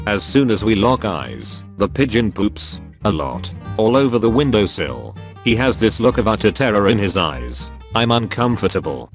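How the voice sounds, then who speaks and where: A man narrating online posts in an even, matter-of-fact scripted reading. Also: on the low side. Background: faint guitar music.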